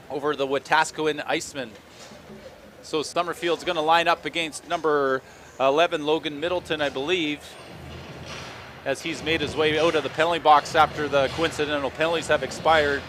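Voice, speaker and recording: A man calling hockey play-by-play in a rapid running stream, with dry joking asides between plays. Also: on the high side, fairly even intonation, a bit bright, slight background noise. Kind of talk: play-by-play sports commentary.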